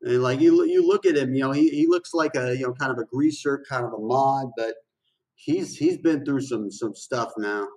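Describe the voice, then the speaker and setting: A man hosting a music reaction video, chatting casually in excited slang and often repeating his phrases. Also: mid-range voice, moderate pace, recorded from a distance, rough recording. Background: the song playing faintly.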